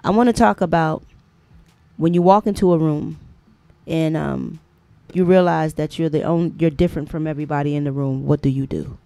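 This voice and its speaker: A woman hosting a call-in radio show, chatting loosely in slang with drawn-out phrasing. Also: low-pitched, steady tone, vocal fry, mellow, no room sound. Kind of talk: casual call-in radio chat.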